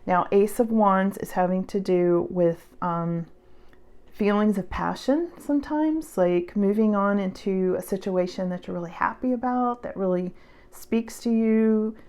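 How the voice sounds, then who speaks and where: A woman giving a casual tarot reading to her viewers, chatty and reassuring, laughing often and getting animated when stirred up. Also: mid-range voice, measured pace, smooth. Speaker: tarot reader.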